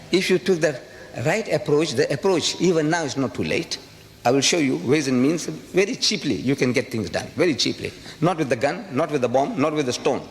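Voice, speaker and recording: Impassioned older man lecturing in a hall. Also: on the high side. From South Africa. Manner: impassioned, rhetorical, repeats phrases for emphasis. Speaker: public speaker. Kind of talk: lecture to a live audience. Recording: echoey hall with faint hiss.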